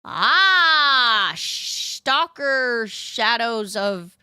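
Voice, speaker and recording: A woman's voice: fairly high pitch, big pitch swings, drawn-out words, sharp tone, smooth, no room sound, studio quality. A young woman streaming as a VTuber, chatting in a casual, rambling way with cutesy slang. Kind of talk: casual live-stream chat.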